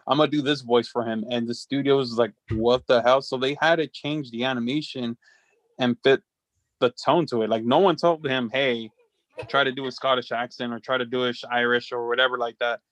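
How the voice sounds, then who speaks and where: A man's voice: medium pitch, fairly even intonation, a little fast, a bit bright, dry recording. Hesitant man in dry sound. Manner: hesitant, filler-heavy. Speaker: podcast co-host. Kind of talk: casual chat.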